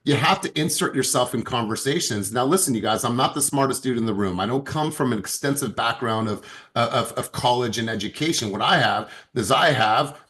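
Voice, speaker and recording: A man's voice: mid-range voice, a little fast, few pauses, a bit bright. A man, a sales director and coach, giving an emphatic motivational talk to his team and repeating words as he starts sentences.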